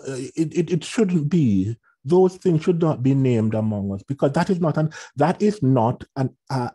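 A man's voice: medium pitch, dark tone, breathy edge. A man with a Jamaican accent, a minister speaking earnestly and reflectively, often repeating words as he searches for them.

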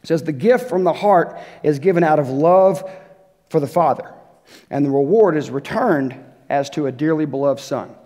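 Man, pastor, sermon, conversational, slightly high voice, long reverb. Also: expressive, moderate pace, dark tone. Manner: conversational, asks the church questions, voices short quotes. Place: church sanctuary.

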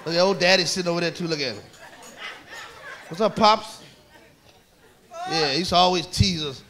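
A man's voice: high voice, moderate pace, pushed and bright. A man performing a live stand-up routine, telling rowdy, profane stories and mocking people in put-on voices. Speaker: stand-up comedian. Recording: live club recording with audience. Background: audience laughter and room noise.

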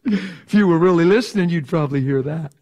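A middle-aged man preaching a sermon in a passionate, animated way, sometimes acting out voices for effect. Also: on the high side, a little fast.

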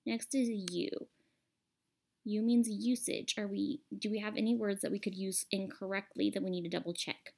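A teacher walks her pupils through a lesson with patient, step-by-step explanations. Her voice is a woman's, with a gravelly edge and a pitch that sits in the middle. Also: fairly even intonation, normal speed, a little mellow. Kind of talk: classroom lesson over a screen recording.

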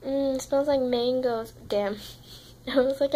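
A tired young woman talks to her camera in a rambling, foul-mouthed chat. Her voice sits high and has a gravelly fry. She is speaking indoors in a student room. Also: steady tone, unhurried, warm tone, poor audio. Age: young adult. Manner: rambling, swears constantly. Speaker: vlogger.

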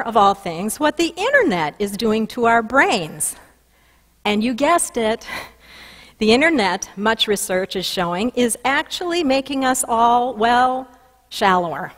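A woman pastor from Minnesota preaching a sermon, telling a story with lively emphasis. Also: fairly high pitch. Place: church sanctuary. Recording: church hall reverb.

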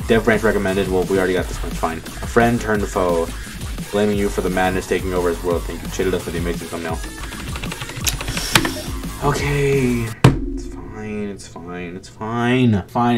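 Guy ranting n cussing at himself while playing, lowish voice, quiet game music behind. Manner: frustrated, swearing, talks to himself. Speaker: gaming video creator. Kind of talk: casual gameplay commentary. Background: faint game music.

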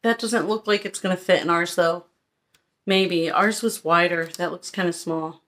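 A woman's voice: on the low side, fairly even intonation, normal speed, fairly bright tone. A woman vlogger chatting her way through a haul review, frank and rambling.

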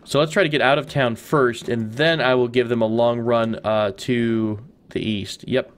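A man's voice: medium pitch, steady tone, normal speed. Chatty man narrating his gameplay. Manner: chatty, rambling, thinking aloud with fillers and asides. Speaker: let's play host. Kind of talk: casual gameplay commentary.

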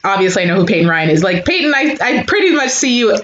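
A woman's voice: medium pitch, fast talker. A chatty young woman hosts a live stream, talking to her viewers in a casual way. The recording is a little dull and roomy, with a faint hiss behind her. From California, USA. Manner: chatty, animated, reads out viewer comments. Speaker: YouTuber hosting a live stream.

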